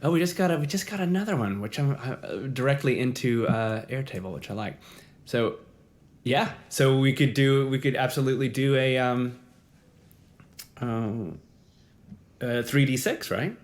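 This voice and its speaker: A man's voice: mid-range voice, normal speed. A man co-hosting a casual chat, rambling and laughing as he talks, with frequent restarts. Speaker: podcast co-host.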